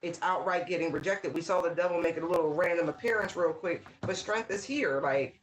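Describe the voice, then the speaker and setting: A tarot reader giving a casual channeled reading, talking straight to the viewer with lively exclamations, repeated words and frequent "right?" checks. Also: medium pitch, fairly quick, rough recording. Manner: talks straight to the viewer, often asking "right?".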